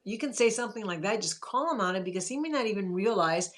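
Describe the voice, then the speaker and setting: A woman's voice: medium pitch, animated, fast. Woman therapist giving live advice. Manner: earnest, answers chat comments by name. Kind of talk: live-stream advice talk.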